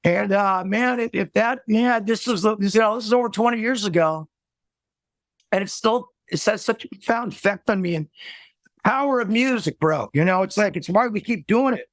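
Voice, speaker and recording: A man, a musician, telling a moving story in an interview, earnest, halting, with many restarts, choked up near tears. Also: high-pitched, fairly bright tone, no echo. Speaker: musician guest.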